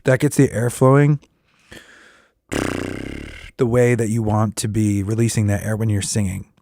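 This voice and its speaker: A middle-aged man, a working musician hosting his own podcast, talking casually with a tired voice and often restarting his sentences as he rambles through vocal warm-ups. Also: lowish voice, fairly even intonation, moderate pace. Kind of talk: casual solo reflection.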